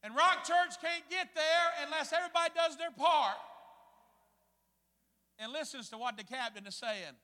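A man preaching a sermon as a pastor, telling a story in an animated way and acting out voices. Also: extremely high pitch, moderate pace, long pauses, in a large hall. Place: church hall.

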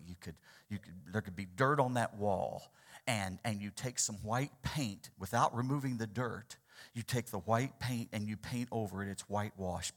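A man preaching a sermon as pastor, asking the congregation for responses and swinging between loud, urgent lines and hushed ones. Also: fairly low pitch.

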